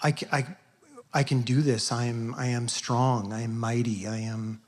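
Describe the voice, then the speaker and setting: A man at a live workshop telling a personal story on stage, talking earnestly in a halting way with many restarts. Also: mid-range voice, little pitch movement. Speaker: workshop participant. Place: event hall with audience.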